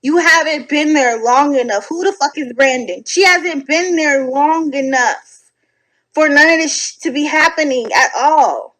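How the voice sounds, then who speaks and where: A woman giving casual reaction commentary from home at night, animated, sassy and blunt, swearing freely. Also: high-pitched, a little slow, poor audio. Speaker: online commentator reacting to videos.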